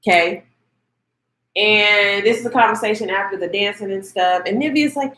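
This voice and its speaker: A woman's voice: medium pitch, moderate pace, sharp tone, echoey room. A woman, reviewing a TV episode in casual, sassy commentary and repeating lines for emphasis. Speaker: TV show reviewer.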